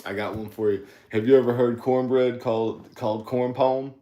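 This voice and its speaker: A young Southern man chats on a podcast with easy, joking energy, often breaking into laughter. His voice sits in an ordinary middle pitch. The room around him rings with a noticeable echo. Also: steady tone, moderate pace, mellow. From US South, South Carolina. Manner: laughs often, playful, repeats words. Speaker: podcast co-host. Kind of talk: casual chat.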